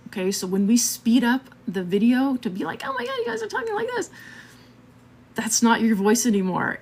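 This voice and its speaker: A woman hosts a live marketing stream, talking casually and a bit scattered, laughing often and checking in with "okay?". Her voice is mid-range and a little mellow.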